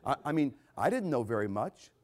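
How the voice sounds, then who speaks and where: Animated older male pastor preaching. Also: medium pitch, brisk, a little hiss or hum. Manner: animated, swings between loud emphasis and quiet asides. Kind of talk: sermon.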